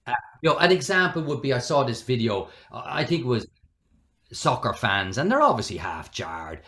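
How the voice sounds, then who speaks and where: A middle-aged Irish man telling stories in a relaxed interview, animated and given to acting out the people he quotes. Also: mid-range voice, normal speed. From Ireland. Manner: animated, acts out quoted voices. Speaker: guest. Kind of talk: conversational storytelling.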